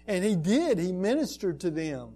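A man's voice: high-pitched, sing-song, moderate pace, warm tone. A man preaching a sermon as a pastor, speaking earnestly and building to emphatic, repeated lines.

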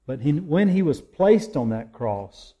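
A man delivers a sermon in a church sanctuary, taking his time over each phrase. His voice is warm and mellow, and his delivery is measured, with weighty pauses between thoughts. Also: on the high side, big pitch swings, highs cut off. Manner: slow, measured preaching with emphatic pauses. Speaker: pastor.

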